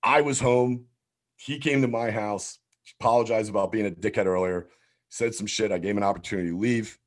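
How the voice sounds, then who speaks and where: A man in his thirties tells a rowdy story in loose, profane chat. His voice sits a little low, and he acts out what everyone said. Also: brisk. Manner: animated, swears constantly, acts out quotes.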